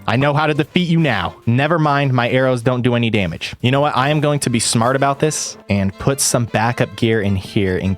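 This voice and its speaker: A young man giving excitable let's play commentary, yelping and exclaiming during a boss fight. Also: medium pitch. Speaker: gaming YouTuber.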